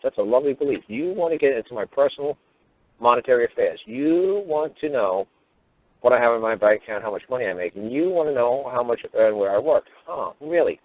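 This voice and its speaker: Profane ranting man on a phone line. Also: mid-range voice. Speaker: talk show host. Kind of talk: ranting talk radio monologue. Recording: phone-line radio audio.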